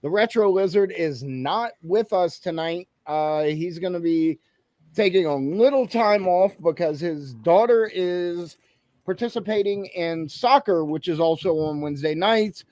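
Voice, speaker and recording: A man's voice: high-pitched, a little slow, darkish tone, no room sound. Chatty male livestream host, dry close sound. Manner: loose and rambling, greets viewers in chat. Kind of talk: casual live show chat.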